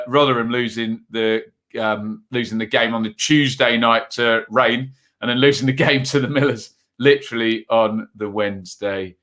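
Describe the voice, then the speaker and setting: This is a man hosting a live football stream in a relaxed, chatty way. His voice is bright and forward and sits in a middle pitch. He rambles loosely with plenty of fillers, reading out viewer comments between quick match updates.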